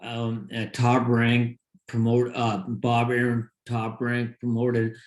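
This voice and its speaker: A man co-hosting a boxing podcast in casual sports chat, rambling and excited, talking in bursts. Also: mid-range voice, slow. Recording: roomy echo.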